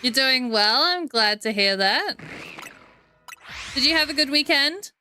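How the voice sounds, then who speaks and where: A relaxed woman with a New Zealand accent chats easily with her viewers while she plays a game on stream. Her voice is bright and set a little high, and she laughs often. Faint game music plays behind her. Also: measured pace. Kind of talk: casual chat while gaming.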